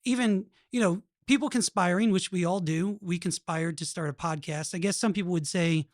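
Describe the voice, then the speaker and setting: A man's voice: sits high, normal speed, dry recording, studio quality. A man hosting a podcast in casual chat, earnest and rambling, often restarting his sentences. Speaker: podcast host.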